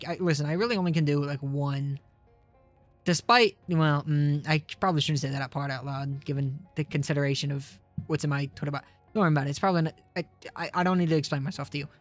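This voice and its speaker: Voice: mid-range voice, no room sound. A game streamer chatting live with viewers, loose and profane, who often laughs at their own rambling. The voice sits mid-range, recorded dry and close, with faint music underneath. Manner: profane, self-deprecating, rambling. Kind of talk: casual live-stream chat while gaming.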